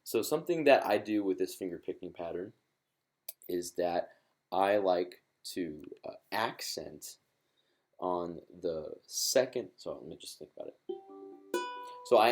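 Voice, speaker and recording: A man with a very deep voice teaches ukulele in a live lesson. He is encouraging and chatty, stumbles over his words now and then, and counts out beats. Faint ukulele playing sits behind him. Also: darkish tone. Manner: encouraging, chatty, with many fillers and restarts. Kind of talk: live-streamed music lesson.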